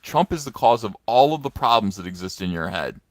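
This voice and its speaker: Man, low voice, sarcastic, mocking, rambling with fillers, dry close phone recording. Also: expressive, fairly quick, no echo. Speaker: comics commentator. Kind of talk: casual commentary vlog. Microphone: phone on a stand.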